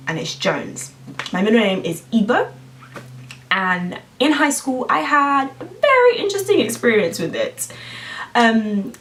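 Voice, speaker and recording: A lively woman, chatting to camera in a casual vlog and acting out the voices of people in her story. Her pitch sits in an ordinary middle range. The mic is set back from her, so she sounds a little distant. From London, England. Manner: animated, acts out quoted voices. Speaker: vlogger.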